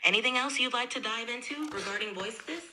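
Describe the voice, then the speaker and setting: This is a synthetic woman's voice from an AI assistant, very bright and crisp in tone. She talks in a polite, upbeat way and is always eager to help. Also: a little high, brisk, a little hiss or hum, rough recording.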